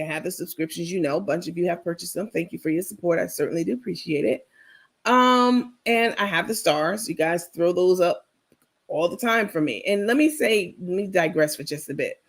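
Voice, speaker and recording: Woman hosting a live show, chatty gossip, talks right at viewers, lots of creaky fry. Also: mid-range voice. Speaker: livestream host. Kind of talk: casual gossip commentary.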